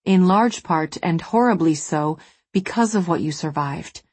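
A woman voicing an earnest, measured man with a professional bent, in an audiobook. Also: fairly low pitch, a little mellow, slightly rough, no echo. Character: calm male professional, counselor-like.

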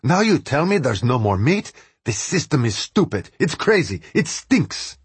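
Male reader voicing a furious veteran worker, shouting high, raspy edge. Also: big pitch swings, a little slow, dry recording, heavily acted. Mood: enraged. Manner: shouting, ranting.

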